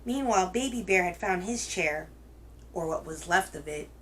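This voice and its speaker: A woman's voice: fairly low pitch, moderate pace, slight background noise, low-quality recording. Woman reading a kids' story aloud. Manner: gentle, expressive storytelling. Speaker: children's story reader, host. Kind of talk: reading a picture book aloud to kids.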